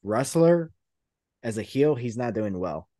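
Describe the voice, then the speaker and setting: A man's voice: medium pitch, expressive, measured pace, dark tone, no room sound, studio quality. A man hosting a podcast, rambling through a play-by-play retelling in casual chat. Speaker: podcast host.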